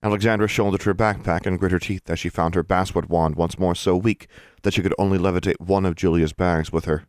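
A man narrating an audiobook in a steady, measured reading voice. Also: low-pitched, no room sound, studio quality.

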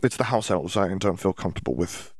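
A man's voice: low-pitched, expressive, a little fast, slightly rough, no echo, studio quality. A man reading aloud and voicing a clever, earnest teenage witch in a precise, clipped manner. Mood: troubled.

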